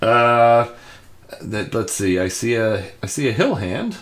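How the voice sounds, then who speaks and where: A man hosting a livestream panel in casual chat, wry and quick to laugh as he calls on panelists. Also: lowish voice, big pitch swings, a bit bright. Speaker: livestream host.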